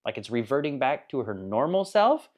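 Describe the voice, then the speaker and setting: A man's voice: mid-range voice, very animated, moderate pace, a little mellow. A man giving a casual spoken book review, rambling and enthusiastic, laughing now and then at the funny parts.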